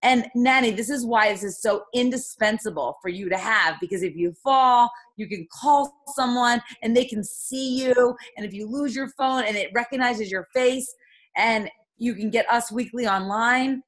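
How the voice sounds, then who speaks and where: A woman with a fairly high voice coaches her sales team on a call. She talks with fired-up emphasis and fires off rhetorical questions. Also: normal speed.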